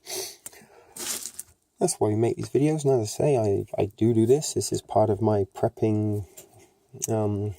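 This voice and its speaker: A man's voice: lowish voice, vocal fry, mellow. A man with an English accent hosting a casual how-to demonstration, chatty and rambling with cheeky self-mocking asides. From England. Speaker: prepping channel host. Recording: bag crinkling noise over the voice.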